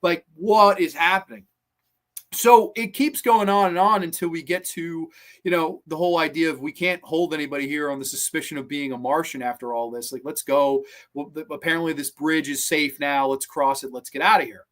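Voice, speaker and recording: A man's voice: fairly high pitch, steady tone, fairly quick. Enthusiastic, cursing male podcast host. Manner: enthusiastic, profane, rambling. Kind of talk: casual episode review.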